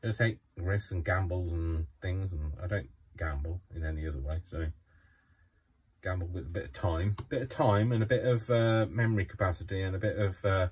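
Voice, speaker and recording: A man's voice: deep voice, fairly quick, darkish tone, breathy edge, distant mic. A tired man with a yawning, rambling manner, chatting to the camera while he does a craft project at home. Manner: rambling, self-talking, many ums and restarts. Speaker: craft vlogger. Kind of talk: casual chat while crafting. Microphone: phone camera left running.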